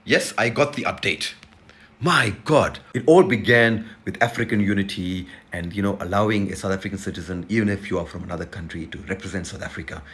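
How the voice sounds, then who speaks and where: A man's voice: low-pitched, brisk, fairly bright tone. A man giving a casual news update in an explanatory way.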